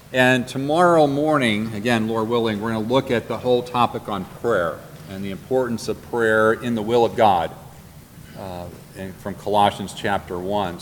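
Guy teaching a bible class, earnest, slows down and repeats the big points, long echo from the hall and a bit of faint noise. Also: fairly low pitch.

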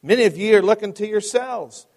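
Man playing a humble Essex lay preacher, high and fervent, pleading loudly, reverb-heavy hall. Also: brisk. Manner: fervent, repetitive exhortation, rising to shouts. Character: uneducated working-class male lay preacher, pleading.

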